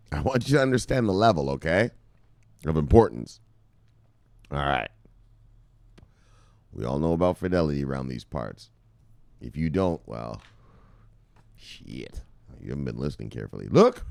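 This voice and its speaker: A man presenting crypto news in casual, profane commentary, rambling and swinging from loud outbursts to muttered asides. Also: lowish voice, no echo, clean studio sound.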